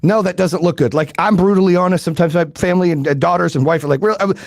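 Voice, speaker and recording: A man's voice: fairly high pitch, fairly even intonation, fast talker, gravelly, a little mellow, dry recording, clean studio sound. A middle-aged man hosting a live-stream podcast, giving blunt, profane motivational advice and talking straight to his listeners with rhetorical questions. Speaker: podcast host and business coach.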